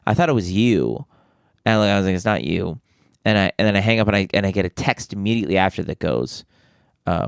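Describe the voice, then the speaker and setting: A man's voice: deep voice, lively intonation, fairly quick, vocal fry, clean tone, no room sound, clean studio sound. A man co-hosting a podcast, telling a rambling story in casual chat with lots of restarts and fillers. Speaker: podcast co-host.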